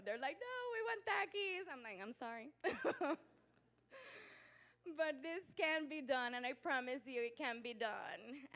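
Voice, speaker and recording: A woman doctor lecturing at a conference with a voice that sits a little high. She tells her stories with lively energy, playing out her patients and family members and breaking into laughter. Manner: animated storyteller, acts out patients and family; laughs often, talks with growing volume. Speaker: pediatric doctor giving a conference talk. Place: conference hall.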